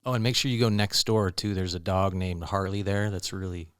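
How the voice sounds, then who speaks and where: A man's voice: low voice, a little fast, a bit bright, no room sound. A man in the studio chiming in with offhand, mumbled asides.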